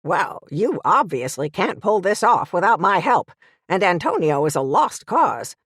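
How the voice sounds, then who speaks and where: A woman's voice: lowish voice, very animated, a little slow, fairly bright tone, slightly rough, no echo, clean studio sound, full character voice. A woman playing a smug, bossy old witch aunt. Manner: taunting, sing-song, bossy.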